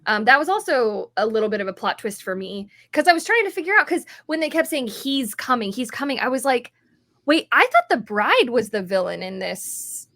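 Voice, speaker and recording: A woman's voice: fairly high pitch, sing-song, fairly quick, fairly bright tone. A woman co-hosting a podcast in casual chat, rambling with lots of fillers, sounding a little tired. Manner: chatty, rambling, many fillers. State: yawning, tired. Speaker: podcast co-host.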